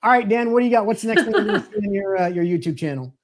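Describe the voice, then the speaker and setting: A man's voice: high-pitched, lively intonation, rapid-fire. A man hosting a live stream over a video call, chatting casually, joking and laughing often. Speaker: livestream host.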